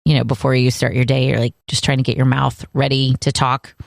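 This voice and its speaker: A woman co-hosts a podcast in casual chat, leading the segment and teasing her partner in an upbeat way. Her voice is bass, creaky, and a little fast with a flat delivery, recorded in clean studio sound with no room echo.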